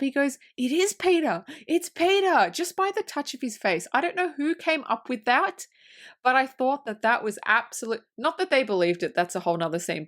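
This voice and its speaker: Animated woman, movie podcast co-host. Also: on the high side. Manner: animated retelling, acting out movie lines, laughing, swearing. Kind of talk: casual film review chat.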